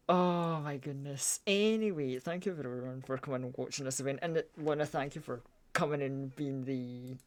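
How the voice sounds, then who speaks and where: A man's voice: mid-range voice, normal speed. A man hosts a casual livestream, chatting with a guest. He rambles and hesitates, restarting his sentences and chuckling as he goes. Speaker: streamer host.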